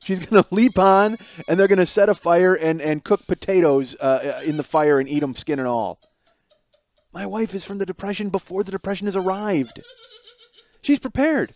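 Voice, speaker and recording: Telling a funny tale about life at home, this podcast host speaks at a moderate pace in a high-sitting voice. He is animated and exasperated, cursing frequently and performing the quotes himself.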